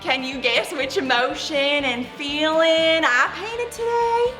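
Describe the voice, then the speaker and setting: A woman playing a bubbly young art teacher who explains painting in a slow, sing-song way. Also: sits high. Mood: cheerful. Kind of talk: amateur stage skit. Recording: echoey room with faint music.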